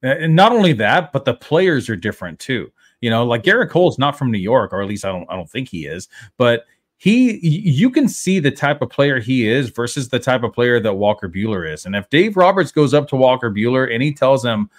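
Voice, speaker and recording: A man with a mid-pitched voice co-hosting a baseball talk show. He speaks in a relaxed way, thinking aloud with small fillers. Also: fairly quick. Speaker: podcast co-host. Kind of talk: casual sports chat.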